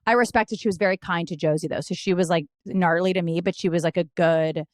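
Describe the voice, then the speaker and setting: Animated woman telling a story on a podcast. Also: lowish voice, quick pace, dry recording, clean studio sound. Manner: animated storytelling with restarts and swearing. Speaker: podcast co-host. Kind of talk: casual chat.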